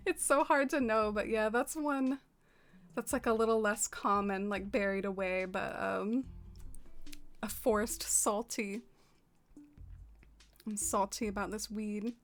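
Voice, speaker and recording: A soft-spoken woman streaming and chatting casually with her viewers. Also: mid-range voice. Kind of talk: casual livestream chat.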